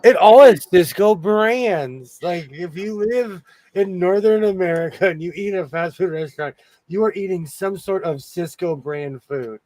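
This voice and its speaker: A man hosting a relaxed sewing chat, his voice sitting a little high and the sound dry and close. He tells stories with bursts of laughter. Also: unhurried, dry recording. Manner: animated storyteller who laughs often. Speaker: host. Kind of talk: casual chat while sewing.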